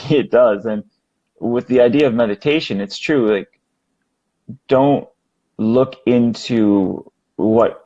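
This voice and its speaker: A man's voice: on the low side, lo-fi sound. A man hosting a podcast, talking casually and acting out little quoted thoughts. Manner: animated, acts out quoted thoughts. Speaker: podcast host.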